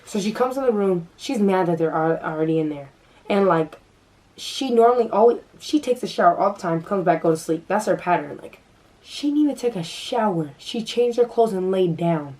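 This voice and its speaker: A woman's voice: mid-range voice, animated, moderate pace, warm tone, distant mic, low-quality recording. A young woman vlogger telling a story in casual chat, full of fillers and restarts.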